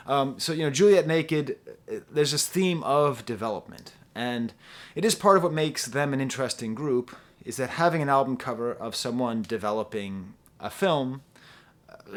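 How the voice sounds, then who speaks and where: A middle-aged man from the US East Coast giving a casual album review, rambling through jokes and humming the melodies. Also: medium pitch. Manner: rambling, joking asides, hums melodies. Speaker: music reviewer.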